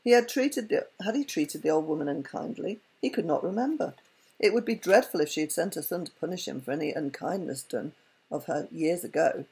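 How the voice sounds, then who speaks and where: A woman narrating a storybook tale in a gentle, unhurried reading. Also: low voice, animated, vocal fry, slightly rough, rough recording.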